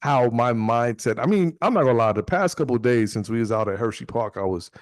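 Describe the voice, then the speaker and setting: Loud joking man, lively voice. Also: mid-range voice, quick pace, dry recording, studio quality. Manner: loud, excitable, joking, swears a lot. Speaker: podcast co-host. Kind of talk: casual banter.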